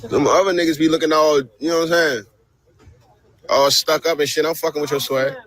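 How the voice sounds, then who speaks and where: A man's voice: a little high, fairly even intonation, brisk, fairly bright tone, no echo, low-quality recording. A man filming on a city street with a phone, taunting and mocking people repetitively.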